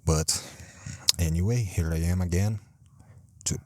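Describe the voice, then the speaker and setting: Man, non-native english speaker, deep voice, unhurried, self-deprecating rambling, swears constantly, in a parked car. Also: dry recording, clean studio sound. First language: not English. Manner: self-deprecating, heavy swearing, halting restarts. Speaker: podcast host. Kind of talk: rambling solo podcast.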